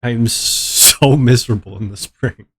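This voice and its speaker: A man's voice: medium pitch, measured pace, a bit bright, husky. A man streaming live with a stuffy nose from allergies, chatting casually and complaining in a rambling, melodramatic way.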